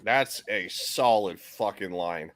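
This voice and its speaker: A man's voice: on the low side, slow pace, fairly bright tone, a little hiss or hum. A man hosting a casual stream chat, reading chat messages aloud with a jokey manner and frequent fillers. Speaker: host.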